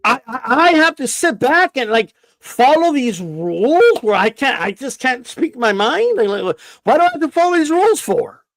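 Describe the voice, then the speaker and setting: A man's voice: very high-pitched, very animated, normal speed, few pauses, fairly bright tone, no room sound. A man hosting a boxing live stream, ranting defiantly and profanely, often stammering and repeating himself. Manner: stammers and restarts.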